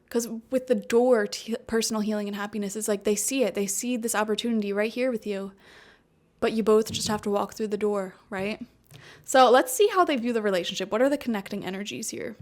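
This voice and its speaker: A woman giving a casual tarot reading to her viewers, chatty and laughing often, with lots of "like" and "you know". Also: medium pitch. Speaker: tarot reader. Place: home room with a cat.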